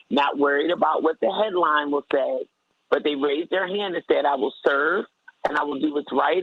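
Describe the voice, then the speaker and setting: A man speaking as a guest on a radio talk show, arguing forcefully and repeating points for emphasis. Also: on the high side, creaky, dull audio. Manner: forceful, emphatic, repetitive for effect. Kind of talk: opinionated talk radio commentary.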